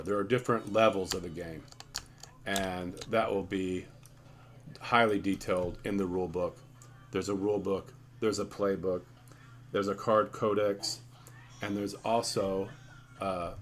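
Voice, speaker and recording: A man walking through the rules of his card game in a loose, casual tutorial, often restarting sentences and filling pauses with ums. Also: deep voice.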